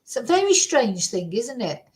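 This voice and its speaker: A woman's voice: a little high, big pitch swings, normal speed, low-quality recording. A woman hosting her own channel, chatting casually and rambling with many fillers and tag questions. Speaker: true crime commentary channel host. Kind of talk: casual chat to camera.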